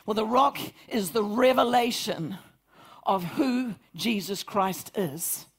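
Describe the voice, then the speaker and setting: A woman's voice: medium pitch, slow, slightly rough. A woman pastor preaching a fervent Sunday sermon, rising to emphatic peaks. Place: church service.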